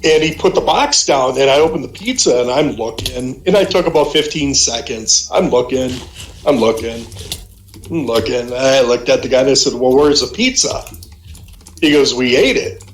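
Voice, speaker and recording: A man's voice: medium pitch, moderate pace, a little hiss or hum. A middle-aged man on a voice call, telling heated, profanity-laced stories in a casual way. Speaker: guest on a call. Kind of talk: casual storytelling. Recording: roomy echo, faint music behind.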